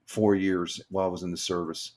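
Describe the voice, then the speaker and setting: An older man from upstate New York hosting a live stream, casually chatting and reading viewer comments in a rambling, halting way. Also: low-pitched, level tone, a little mellow.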